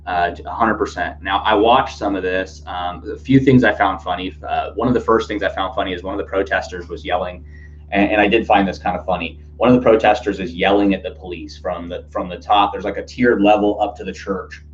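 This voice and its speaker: A man's voice: sits low, fairly even intonation, fairly quick. Rambling man on a lo-fi podcast. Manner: rambling, many fillers and restarts. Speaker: podcast host. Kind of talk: casual news commentary podcast. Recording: dull lo-fi sound with faint hum.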